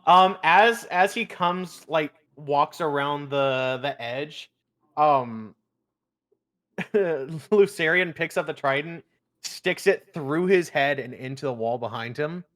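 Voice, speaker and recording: A man playing a tabletop game, relaxed and hesitant with fillers, laughing often. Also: a little high, slow pace. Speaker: player. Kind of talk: tabletop role-play.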